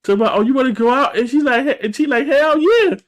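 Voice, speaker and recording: With an extremely high pitch and a racing delivery, a man co-hosting a podcast breezes through a TV episode recap. He acts out each character animatedly, his voice jumping from one to the next.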